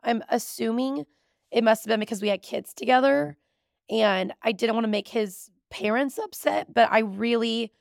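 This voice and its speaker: A woman in her thirties tells a personal story on her podcast with candid, raw emotion. Her voice sits a little high and has a gravelly fry. The recording is dry and close. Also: normal speed, dry recording. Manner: candid, emotional, tearful at times. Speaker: podcast host.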